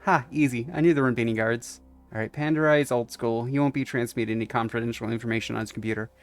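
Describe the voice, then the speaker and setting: A man's voice: medium pitch, steady tone, quick pace, pitched below the performer's own voice, natural voice. A man reading aloud the lines of a self-assured young woman on a stealth mission, in a cool, matter-of-fact way, with faint music underneath. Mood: confident. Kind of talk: reading visual novel dialogue aloud.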